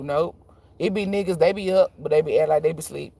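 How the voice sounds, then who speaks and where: A woman who reads tarot talks casually and bluntly to her viewers, swearing often and telling animated stories. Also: sits low, quick pace. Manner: profane, emphatic, animated storytelling; slangy and blunt. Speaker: tarot reader.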